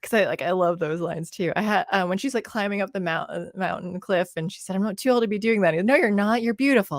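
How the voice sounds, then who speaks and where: A woman's voice: medium pitch, a little fast, dry recording. Woman, casual movie chat, giggly, quotes lines, dry close sound. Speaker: podcast co-host.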